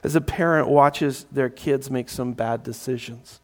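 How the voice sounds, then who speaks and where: A man's voice: mid-range voice, measured pace, a little mellow. A man preaching a sermon, often repeating his words and acting out crowd voices. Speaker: pastor.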